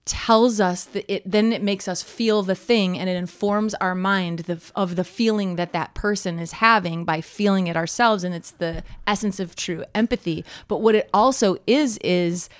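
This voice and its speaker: A woman's voice: mid-range voice, moderate pace, few pauses, no room sound. A woman in her thirties co-hosting a podcast, chatting animatedly and telling stories, full of fillers and laughs. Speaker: podcast co-host. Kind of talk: casual chat.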